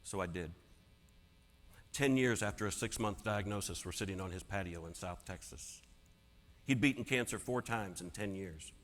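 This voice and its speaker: A man telling a personal story as a keynote speaker, dramatic and swinging from hushed to loud. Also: deep voice, moderate pace. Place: large conference hall. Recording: long hall reverb.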